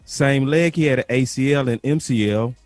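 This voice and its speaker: A man on a sports podcast plays out a mock meeting with a coach, with an animated and playful delivery. His voice is middle-pitched and recorded dry. Faint music sits behind him. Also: fairly quick, dry recording. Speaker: podcast host. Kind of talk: casual sports talk, playing out a scenario.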